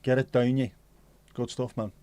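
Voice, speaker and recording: Flat in delivery and dark in tone, this mid-range male voice moves at normal speed with no echo. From a home streaming setup he runs a casual livestream, reading the chat, answering aloud and swearing occasionally.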